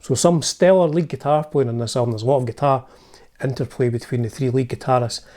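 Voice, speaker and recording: A man's voice: mid-range voice, quick pace. A man with a Scottish accent, hosting his music channel and narrating a band's history in a chatty, enthusiastic way with asides.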